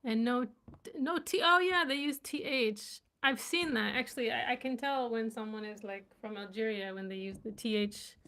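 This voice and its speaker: A woman's voice: on the high side, moderate pace, sharp tone. A woman language vlogger chatting casually as she reads and sounds out unfamiliar words, curious and laughing at herself. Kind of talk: casual live reading and chat.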